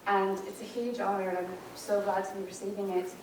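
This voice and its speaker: A woman's voice: mid-range voice, flat delivery, a little fast. A woman emotionally and earnestly sharing a personal story with a group, overwhelmed. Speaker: participant sharing. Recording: echoey room, far from mic, crowd and noise.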